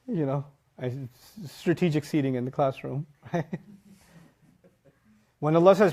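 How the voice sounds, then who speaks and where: Speak as a male teacher giving a lively religious lecture. His voice sits a little high, and he hammers the key words home. He slips into quick impressions of students as he explains the text. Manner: emphatic, punches key words, acts out listeners' reactions. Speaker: teacher of Quran.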